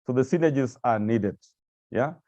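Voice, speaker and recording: A man's voice: medium pitch, expressive, moderate pace, dark tone, no echo, highs cut off. A man giving a presentation with slides to staff of agencies, speaking hesitantly with many repeated words and fillers. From Kenya.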